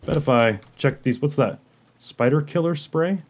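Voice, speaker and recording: A man's voice: a little high, normal speed. Jumpy, cursing game streamer, man. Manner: jumpy, profane, swings between muttering and yelling. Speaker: gaming video host. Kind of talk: live horror game commentary.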